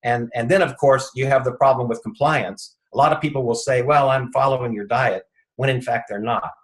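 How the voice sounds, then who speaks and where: A man's voice: mid-range voice, steady tone, fairly quick, poor audio. A man, a chiropractor guest in an interview, telling an anecdote and acting out what each person said. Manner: retells conversations, acting out the quoted speech.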